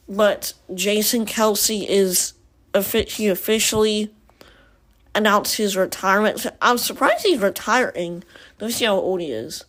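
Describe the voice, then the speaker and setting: Rambling woman podcast host. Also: medium pitch. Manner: thinks out loud, rambling asides. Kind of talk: casual chat.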